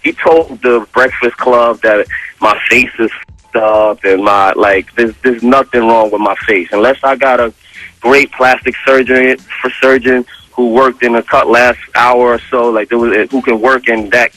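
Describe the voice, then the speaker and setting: A man on a radio show, casually telling a story with animated, profane street slang. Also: medium pitch, a little slow, no room sound, poor audio. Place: radio studio.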